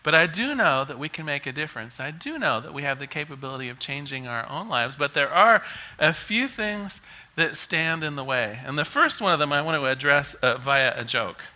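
A man's voice: a little high, animated, normal speed, bright, forceful tone. A man giving an inspirational talk to a live audience, conversational and full of rhetorical questions. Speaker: speaker.

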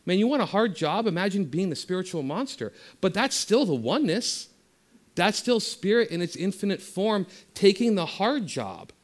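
A man giving a spiritual talk that moves from passionate teaching into a soft, slow guided meditation. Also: high voice, very animated.

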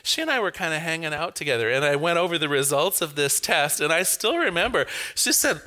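A man's voice: fairly high pitch, moderate pace, hardly any pauses. A man giving a reflective personal talk about beliefs, telling anecdotes with laughter and rhetorical questions. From Pacific Northwest, US. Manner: anecdotal, animated storytelling with laughs.

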